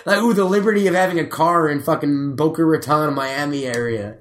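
A young man with a slightly high voice chats casually as a co-host. He rambles through loose, profane stories and slips into voiced quotes of others. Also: brisk, hardly any pauses. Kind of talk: casual chat.

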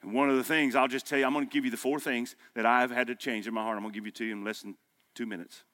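A man in his fifties preaching a sermon, with punchy exhortation that drops to quiet storytelling. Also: mid-range voice, steady tone, rapid-fire, no echo. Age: 50s. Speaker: pastor. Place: breakfast meeting room.

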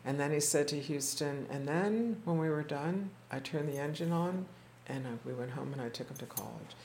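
A reflective teacher tells stories to a small gathered group, voicing the people in them as the tale unfolds. The delivery is unhurried and thoughtful, with frequent halting restarts and repeated words. A faint hum of room noise sits behind the voice. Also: medium pitch, darkish tone. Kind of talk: storytelling talk to a small group.

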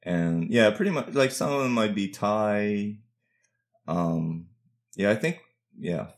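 A man co-hosts a casual podcast chat in a soft-spoken, hesitant way. He trails off often and laughs at himself. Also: on the low side, slow. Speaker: podcast co-host.

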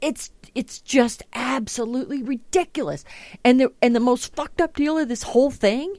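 A woman's voice: sits high, moderate pace, a little mellow, dry recording. A woman hosting a podcast, chatting casually and ranting with lots of swearing. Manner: profane, ranting, exasperated. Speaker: podcast host. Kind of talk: casual chat.

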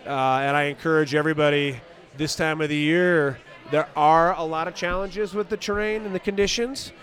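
A man's voice: a little high, steady tone, moderate pace, fairly bright tone. A man who coaches skiing, talking practically and encouragingly in an outdoor interview. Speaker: ski coach and exam selector.

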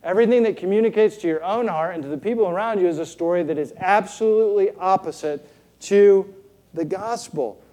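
A man's voice: high-pitched, brisk, warm tone. A man preaching a sermon as a pastor, earnest and rhetorical, often checking in with the congregation with "right?".

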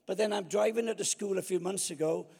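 Speaking quickly in a high, gravelly, husky voice, a guest preacher in his seventies tells comic stories in his sermon. Long hall reverb surrounds his jokey, self-mocking delivery and lively anecdotes.

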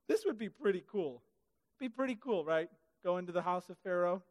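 A man preaching a sermon in a church hall, animated and comic, acting out the Bible characters in funny voices. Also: high-pitched, fairly quick. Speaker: pastor. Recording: hall reverb.

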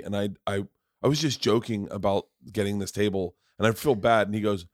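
A man's voice: on the low side, fairly even intonation, brisk, no room sound, studio quality. A man hosting a podcast, telling a long story in casual chat, swearing freely and acting out what other people said. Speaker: podcast host.

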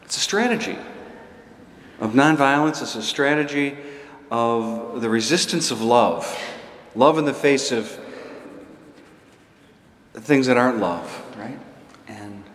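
A man preaching a sermon as a priest, telling a story in a conversational, halting way with many restarts. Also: mid-range voice, a bit bright, reverberant, in a large hall.

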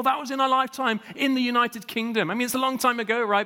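A man preaching a sermon as a guest speaker, telling revival stories with emphatic rhetorical questions and animated delivery. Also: very high voice, quick pace, hardly any pauses, clear, resonant tone, in a large hall.

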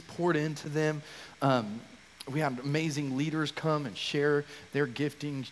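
A young man preaching passionately to his church, often raising his voice close to shouting. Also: mid-range voice, slight background noise. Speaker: youth pastor leading worship. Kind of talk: sermon. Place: church sanctuary. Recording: long reverb of a church hall.

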